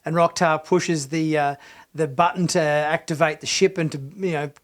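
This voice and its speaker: A man's voice: a little high, fairly even intonation, normal speed. A man hosting a TV review channel, talking through an episode in a casual, enthusiastic way with many fillers and restarts. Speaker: TV review host.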